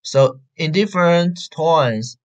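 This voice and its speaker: A woman teaching Chinese, slowly drilling syllables and tones, repeating each one twice. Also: low-pitched, lively intonation. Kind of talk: slow pronunciation drill. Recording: dull lo-fi online class audio.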